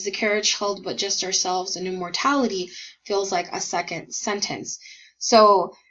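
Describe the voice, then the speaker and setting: Woman, poetry teacher, slow unhurried talk, muffled lo-fi recording. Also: mid-range voice, a bit bright. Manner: thinking aloud, filler-heavy, unhurried. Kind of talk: casual poetry lesson with screen typing.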